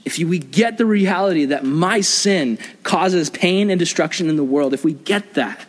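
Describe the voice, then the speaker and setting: A young man with a high voice gives a conversational sermon to a youth group. He keeps putting questions to his listeners. His voice rings out in a hall with a long reverb. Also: lively intonation, moderate pace. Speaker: youth pastor.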